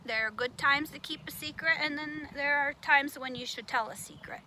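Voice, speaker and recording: High bright-voiced woman teacher. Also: normal speed, slight background noise. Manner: patient, gently explaining, firm on manners. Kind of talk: children's puppet show lesson.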